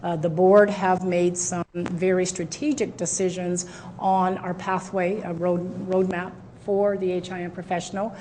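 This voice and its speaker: A woman's voice: fairly low pitch, flat delivery, measured pace, dark tone, slight background noise. Woman presenting with many um's. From Canada. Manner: hesitant, many fillers and restarts. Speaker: conference speaker. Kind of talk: presentation talk. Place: presentation room with a live audience.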